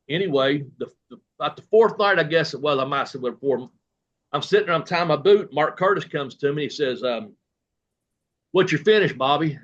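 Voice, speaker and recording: A man tells long, loose anecdotes, acting out what others said, with plenty of "uh" and "you know." His voice sits at an ordinary middle pitch. The recording sounds slightly muffled and lo-fi. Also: fairly bright tone. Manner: rambling anecdotes with quoted dialogue and fillers. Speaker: guest, retired professional wrestler. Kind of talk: casual storytelling interview.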